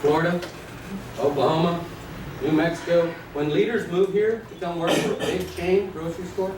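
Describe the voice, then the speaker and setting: A man teaches a live class in a slightly raised voice, acting out scenes and quizzing the room. The recording is roomy and distant, with a noisy background. His talk is playful and energetic. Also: a little high, normal speed. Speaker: real estate trainer. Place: training room with an audience.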